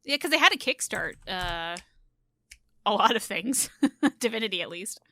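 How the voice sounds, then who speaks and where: A woman YouTuber chatting casually on a gaming podcast, animated and quick to laugh. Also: medium pitch, no echo.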